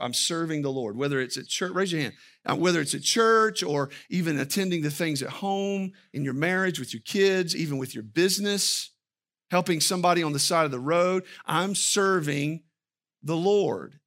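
Bright-voiced male pastor preaching. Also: fairly high pitch. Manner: conversational, asks the congregation questions. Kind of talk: sermon.

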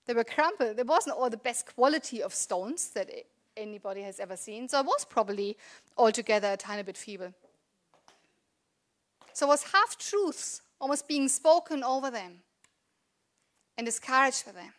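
A woman in her thirties delivers a church sermon with a slightly high voice. She talks to the congregation in an earnest, conversational way and leans on rhetorical questions. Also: expressive, moderate pace, pauses often. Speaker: preacher.

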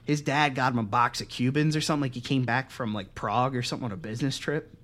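A man's voice: medium pitch, quick pace. Young man telling profane stories. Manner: profane, animated, acts out quotes in other voices. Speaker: podcast host. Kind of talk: casual storytelling chat.

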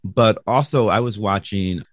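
A man's voice: lowish voice, a little slow, a bit bright, no room sound, studio quality. A middle-aged man, a podcast guest, telling a childhood story in a rambling way, with lots of ums, restarts and laughs. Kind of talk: casual storytelling.

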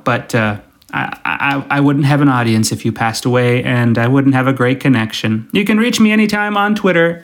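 A man's voice: mid-range voice, vocal fry. A man hosting his own podcast alone, talking casually in a rambling, self-deprecating way, with many fillers and restarts. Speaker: podcast host. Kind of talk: casual solo podcast monologue.

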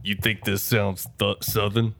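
A tipsy man chatting casually as co-host, quick and crude in his jokes. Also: on the low side, level tone, vocal fry, a crowd in the background. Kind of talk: casual chat.

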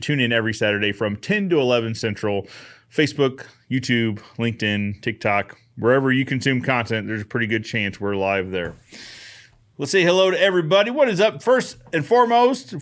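A man's voice: medium pitch, fairly bright tone. An upbeat man hosting a live Q&A show, chatting casually, greeting viewers by name and answering their questions. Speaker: host of a live fencing Q&A show. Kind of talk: casual live-stream chat.

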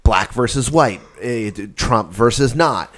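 A man's voice: mid-range voice, lively intonation, slow pace, a bit bright. A man in a casual podcast chat, talking with lots of profanity and slang like "dude" and "bro.".

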